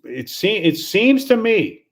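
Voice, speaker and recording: A man's voice: high voice, big pitch swings, slow. An older man, a golf coach, ranting in incredulous exasperation, restarting and repeating himself with sarcastic laughs. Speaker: golf coach giving commentary. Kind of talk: animated opinion rant.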